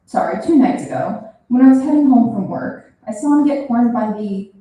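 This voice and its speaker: A woman's voice: a little high, lively intonation, a little fast, dark tone, close to an everyday voice. A woman voicing a flustered, evasive young male barista who stumbles over his words. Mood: confessing. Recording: roomy, from a distance.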